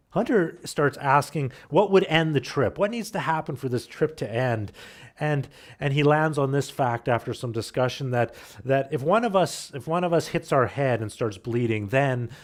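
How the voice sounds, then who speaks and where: A man, a pastor, preaching by telling a family hiking story in a conversational way, often restarting with repeated words. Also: mid-range voice. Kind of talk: sermon storytelling. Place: church.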